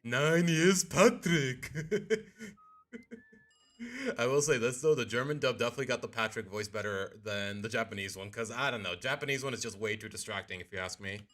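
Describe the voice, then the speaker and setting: A man's voice: lowish voice, fairly even intonation, quick pace, hardly any pauses, fairly bright tone, soft background music. A man streamer in casual livestream chat, rambling and often restarting with "you know what".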